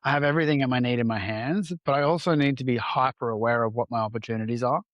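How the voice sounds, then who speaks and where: A man's voice: mid-range voice, quick pace, dry recording, muffled recording. Man, entrepreneur guest on a podcast, mid-range voice, candid storyteller who swears casually, dry close recording.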